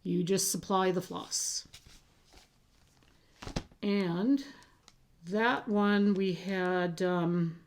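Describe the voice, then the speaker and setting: A woman hosting a cross-stitch vlog, chatting casually to camera in a halting way, with frequent fillers and restarts. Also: on the low side.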